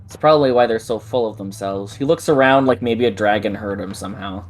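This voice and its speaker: A player in a tabletop role-playing game voicing a nervous young man, animated and quick to laugh. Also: mid-range voice, soft background music.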